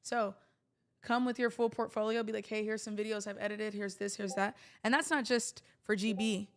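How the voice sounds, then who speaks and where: A woman's voice: medium pitch, steady tone, normal speed. A woman hosting a livestream, talking casually to her viewers in a chatty, rambling way with jokey asides. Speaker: livestream host.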